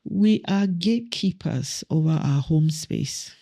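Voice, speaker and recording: A woman's voice: low voice, expressive, slow pace, warm tone. A woman guest on a podcast, a councillor and mother, telling personal stories in an earnest, reflective way. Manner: earnest, reflective, acts out family dialogue. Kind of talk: personal storytelling in conversation.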